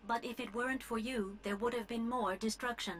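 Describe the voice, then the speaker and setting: A composed onboard AI, played by a woman, delivers formal mission reports in a video game. Her voice is slightly high and evenly controlled. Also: fairly quick, a little hiss or hum, natural voice. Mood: calm. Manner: even, formal status reports. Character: calm female onboard AI of a mecha.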